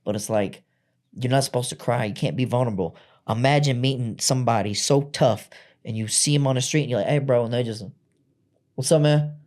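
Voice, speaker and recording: A man's voice: mid-range voice, fast talker, darkish tone. A man on a podcast as a guest, telling his own story candidly in blunt, profane everyday speech. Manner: blunt and profane, acts out quoted voices.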